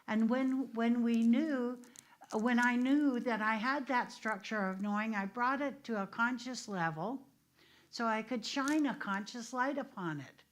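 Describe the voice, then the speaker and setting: A woman's voice: a little high, unhurried. A middle-aged woman minister from the United States, leading an informal discussion and telling stories with restarts and asides. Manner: conversational, storytelling, with restarts and asides. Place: church meeting room.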